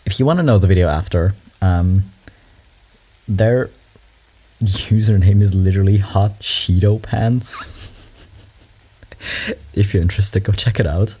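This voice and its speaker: Man, deep voice, mellow tone, casual reaction chat, rambling fillers. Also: husky. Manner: chatty, lots of "like" and "um" fillers. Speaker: meme reaction host.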